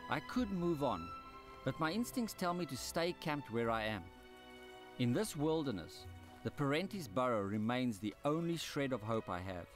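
Male documentary presenter, measured scripted voice-over with music behind, mid-pitched. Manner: calm, measured storytelling. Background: documentary score music.

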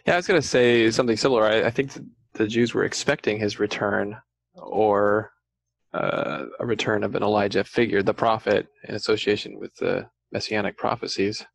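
Gravelly low-voiced man answering in class. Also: steady tone, normal speed, no room sound. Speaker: class member.

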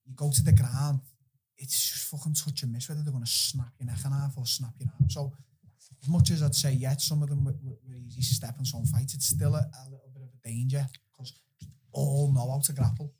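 A man with a Scouse accent, a podcast guest telling his stories in an animated way and swearing freely. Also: medium pitch, brisk, breathy edge. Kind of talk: casual storytelling.

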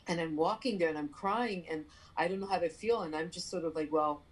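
A woman from New York with a Puerto Rican family, a playwright telling a story in an interview, animated and full of fillers and restarts. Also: fairly low pitch, fairly quick, slightly rough, low-quality recording. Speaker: playwright guest.

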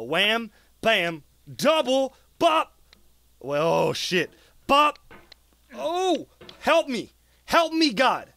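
A young man gives gameplay commentary in a high, bouncing voice that leaps up and down. He is excitable, swearing and chatting to his character, and swings from muttering to yelling. The sound is dry and close, with no room around it. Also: no echo. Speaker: gaming YouTuber.

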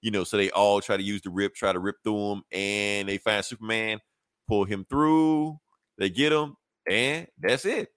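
Speaking at a moderate pace, a podcast co-host whose voice sits on the low side with a fairly bright tone recaps a comic plot in loose, slangy chat, quoting its characters. The sound is clean studio audio with no room sound.

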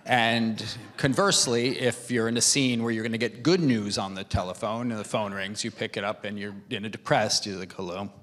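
A filmmaker talking on a conference panel, a man who speaks haltingly, with many false starts and repeated words. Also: fairly low pitch, fairly even intonation, fairly bright tone. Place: conference stage.

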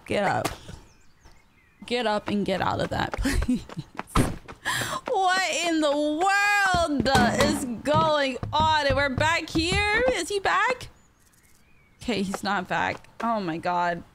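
A woman's voice: sits high, very animated, slow, noisy background. A young woman streaming a video game, reacting with shrieks and laughter. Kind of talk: live game commentary. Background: game music and sounds.

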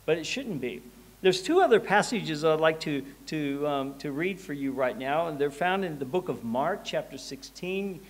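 A man's voice: fairly high pitch, animated, normal speed. A pastor preaching a conversational sermon in church, often restarting and repeating words as he goes.

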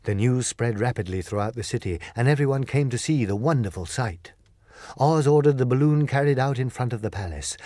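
A man narrating a classic children's story as an audiobook reader, expressive and clear. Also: mid-range voice, dry recording, clean studio sound. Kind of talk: storybook reading.

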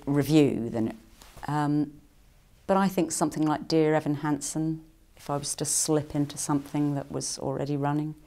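A middle-aged woman from England, an actress and singer, casually answering fan questions in a chatty, playful way. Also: darkish tone. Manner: chatty and playful, with quick jumps into higher quoted voices.

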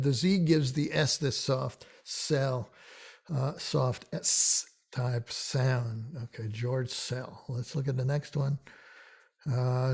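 A man giving an informal pronunciation lesson, talking in a halting way with many fillers and restarts. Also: fairly high pitch. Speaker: teacher.

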